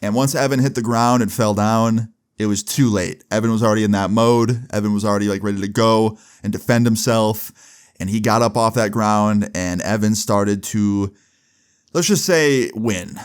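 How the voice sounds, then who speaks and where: Young male YouTuber, relaxed storytime delivery, slightly low pitch, filler-heavy. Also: normal speed, smooth. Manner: relaxed, filler-heavy, keeps checking in with "right?". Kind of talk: casual storytime narration.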